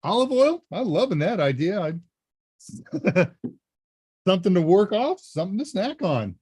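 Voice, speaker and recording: Man, live-stream host, casual and jokey, slightly higher voice, dry close sound. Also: big pitch swings, unhurried, darkish tone, breathy edge, no echo. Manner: chatty, jokey, thinks aloud.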